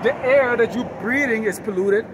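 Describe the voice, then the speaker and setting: A high-voiced man preaches outdoors on a city street. He is combative and profane, firing one rhetorical question after another. Loud traffic fills the background. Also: normal speed. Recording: heavy street traffic noise. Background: loud traffic noise.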